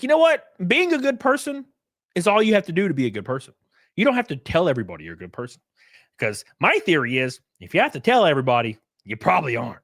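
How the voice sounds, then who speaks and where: A man's voice: a little high, fairly bright tone, dry recording, clean studio sound. A man streaming live, giving casual, profane reaction commentary and acting out quotes as he tells stories.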